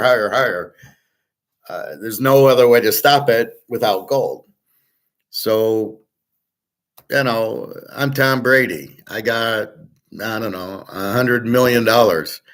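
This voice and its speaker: A man's voice: mid-range voice, a bit bright. Blunt, rambling man hosting a chat. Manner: blunt, profane, rambling with many restarts. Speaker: host.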